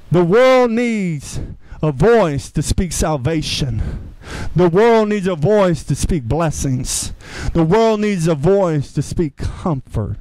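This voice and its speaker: A man's voice: fairly high pitch, darkish tone, no echo, poor audio. A man preaching a sermon as pastor, repeating rhetorical questions, calling for amens, and using informal, earnest phrasing. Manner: repetitive rhetorical questions, calls for amen.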